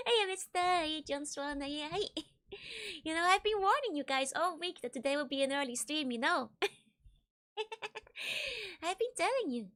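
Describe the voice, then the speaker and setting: Giggly high-voiced young woman streamer. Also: animated, normal speed, long pauses, a bit bright. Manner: giggly, laughs often, repeats greetings. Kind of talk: casual livestream chat greeting viewers.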